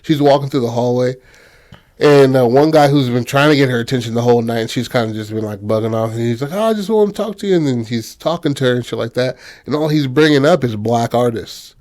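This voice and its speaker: Male podcast host, casual and slangy storyteller, average pitch. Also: steady tone, a little fast, darkish tone. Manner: loose and slangy, heavy on fillers like "you know". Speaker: podcast host retelling a film. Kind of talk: casual chat.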